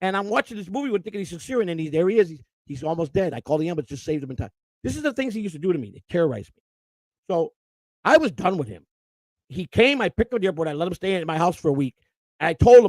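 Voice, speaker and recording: A man's voice: sits high, big pitch swings, fast, a little mellow, no echo, studio quality. A middle-aged man hosting a live stream, telling an emotional, rambling personal story and often repeating and restarting his words. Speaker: host.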